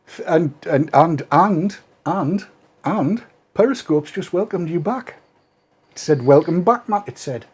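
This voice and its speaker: A man's voice: a little high, expressive, measured pace, breathy edge. A man hosting a casual live stream, chatty and teasing as he brings in his guests. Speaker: host.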